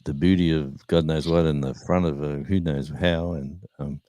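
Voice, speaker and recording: Deep-voiced older man telling stories. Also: fairly even intonation, normal speed, warm tone. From Australia. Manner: rambling anecdotes with restarts and laughter. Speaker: live chat host. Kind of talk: casual storytelling chat.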